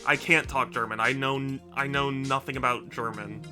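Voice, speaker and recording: A man's voice: medium pitch, steady tone, moderate pace, few pauses, over music. A man chatting casually with his viewers while streaming a game, stammering and joking at his own expense. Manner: self-deprecating, rambling, stammering.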